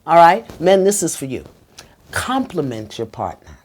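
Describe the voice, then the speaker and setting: A middle-aged woman hosting a relationship advice show, speaking straight to the viewer in an emphatic, preachy way that drops to a soft whisper for the guided phrases. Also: lowish voice, animated, moderate pace. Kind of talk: talking straight to the viewer with tips.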